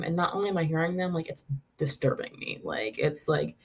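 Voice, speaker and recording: A young woman with a somewhat low voice talks straight through a casual podcast monologue. She is frank and exasperated, swears freely, and laughs between her points. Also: lively intonation, moderate pace, low-quality recording. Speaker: podcast host.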